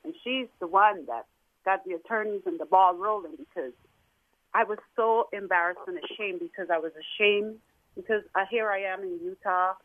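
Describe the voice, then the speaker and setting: A middle-aged woman calling in to a talk show, telling a personal story in an emotional, halting way. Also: mid-range voice, dry recording. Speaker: guest caller. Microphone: phone. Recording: tinny phone line.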